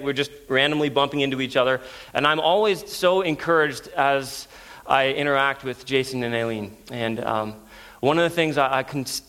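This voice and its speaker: A man's voice: mid-range voice, fairly bright tone. A man in his thirties preaching as a guest, earnest and storytelling, with frequent restarts. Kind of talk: sermon.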